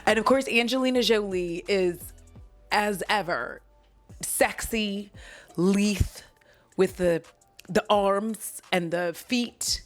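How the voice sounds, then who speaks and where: A woman's voice: medium pitch, slow pace, soft background music. A woman hosting a casual movie recap vlog, giggly and rambling, with plenty of swearing.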